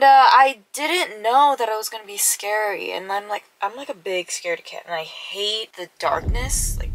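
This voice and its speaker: A woman's voice: medium pitch, creaky, bright, forceful tone, no room sound, low-quality recording. A young adult woman vlogging, telling a story casually and animatedly, sometimes dropping to a whisper for suspense.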